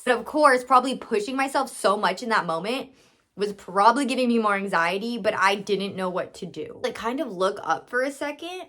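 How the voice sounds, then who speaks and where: A woman's voice: mid-range voice, lively intonation, a little fast, a bit bright. A young woman telling a storytime in a chatty, filler-heavy way, acting out her own thoughts and quoting others. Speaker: storytime vlogger, massage business owner. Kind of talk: casual storytime.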